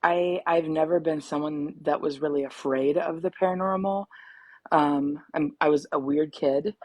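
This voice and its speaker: Woman, 30s, caller, calm measured storytelling, very low voice, dry close sound. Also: no room sound. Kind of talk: casual storytelling.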